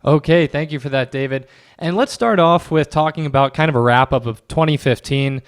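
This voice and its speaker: Smooth-voiced male podcast host. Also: a little high, a little fast, no room sound, studio quality. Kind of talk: interview hosting.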